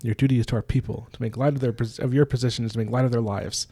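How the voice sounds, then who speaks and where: A man's voice: medium pitch, fairly even intonation, very fast, warm tone, no echo, close to an everyday voice. A man voicing a stern young woman who is rigid about ritual and scolds in a commanding way.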